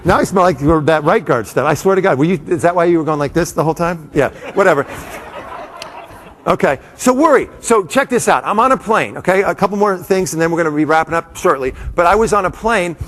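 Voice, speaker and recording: A man giving a live, comedic motivational talk to an audience, animated and full of quick asides to the crowd. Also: a little high. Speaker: motivational speaker. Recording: long hall reverb.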